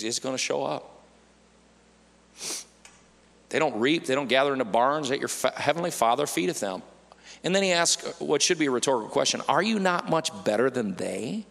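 A man's voice: medium pitch, expressive, normal speed, vocal fry, long pauses, fairly bright tone, long reverb tail. A man preaching a sermon, quoting scripture and acting out worried people and chirping birds. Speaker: pastor.

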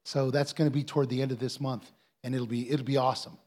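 A man's voice: mid-range voice, level tone, fast talker, darkish tone. A man, a pastor preaching and answering a question, telling stories earnestly and building to emphatic peaks.

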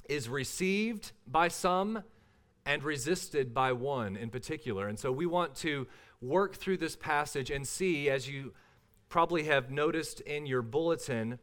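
A pastor reading a scripture passage aloud and then beginning his sermon, at a measured, deliberate pace. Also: on the high side.

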